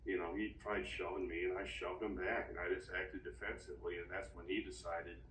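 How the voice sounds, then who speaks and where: A man talking in a therapy session, halting and rambling with frequent restarts, recorded from a distance in an echoey room. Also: deep voice, little pitch movement, fairly bright tone, slight background noise. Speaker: therapy client. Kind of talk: casual session talk. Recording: echoey room, distant mic, faint ambience.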